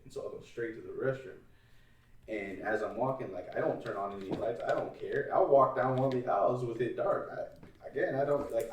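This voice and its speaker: A man's voice: medium pitch, distant mic. Rambling, swearing man, off-mic in a roomy space. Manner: rambling storytelling, swears often, laughs a lot. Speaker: podcast host. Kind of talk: casual chat.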